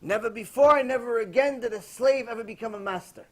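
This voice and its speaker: A man's voice: very high-pitched, fast talker. A man preaching as a rabbi, telling a story in a sermon and acting out the people in it. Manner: animated, acts out the quoted characters in his story.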